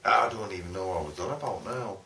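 A man's voice: sits low, fast talker, creaky, bright, forceful tone, far from the mic, slight background noise. A man, rambling and swearing in a casual chat, often losing his train of thought. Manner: rambling, sweary, easily sidetracked. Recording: roomy sound from off the mic.

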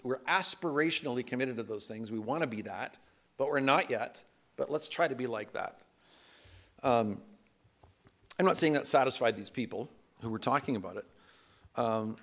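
Guy pastor giving a chatty sermon, bit of gravel in the voice, pokes fun at himself. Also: mid-range voice, fairly bright tone. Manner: conversational and self-deprecating, with laughs and acted asides. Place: church sanctuary.

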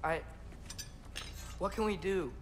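An actor playing a guilt-ridden teenage son in a video game, speaking in a hesitant, earnest way. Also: male voice, high voice, slow, slight background noise.

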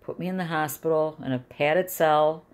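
Middle-aged woman, low voice, emotional rambling vlog diary, frustrated. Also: normal speed. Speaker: vlogger. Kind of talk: personal video diary.

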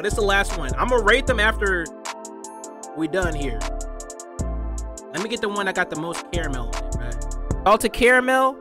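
A young man doing a casual taste-test vlog as a food reviewer, talking in slangy, excitable bursts, swearing and repeating himself. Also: high-pitched.

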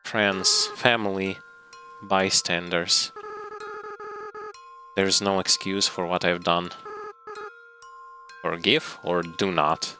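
A let's play gamer reads game dialogue aloud over gameplay and game music, voicing a tearful, remorseful young goat-monster boy in a slow, earnest way. His voice sits low with a flat delivery.

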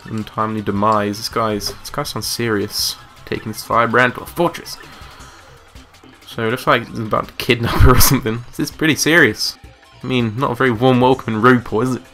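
A man's voice: medium pitch, quick pace, hardly any pauses, a bit bright, soft background music. A man giving chatty, joking commentary over a video game. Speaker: let's play commentator.

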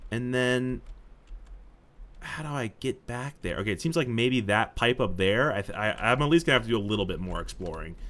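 A young man giving casual gameplay commentary, talking to himself, excitable and swearing often. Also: mid-range voice, fairly quick. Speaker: gaming YouTuber.

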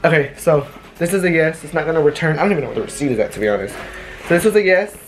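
A young adult vlogger in a casual chat, showing off new purchases at home and telling stories in a rambling, animated way. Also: medium pitch, racing, slight background noise. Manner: chatty, rambling, animated storyteller. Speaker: vlogger showing a shopping haul. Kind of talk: casual haul vlog chat. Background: faint music.

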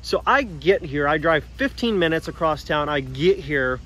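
A man casually talking about his pickup truck, animated and slangy, addressing his viewers directly. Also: a little high, normal speed, slight background noise. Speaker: truck vlogger. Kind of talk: casual vlog talk.

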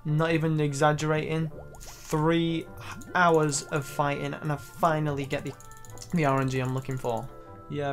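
A young man giving excitable, profanity-laced commentary over his own gameplay clips. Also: on the high side. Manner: excitable, swears freely, loud exclamations. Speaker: gaming YouTuber. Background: faint background music.

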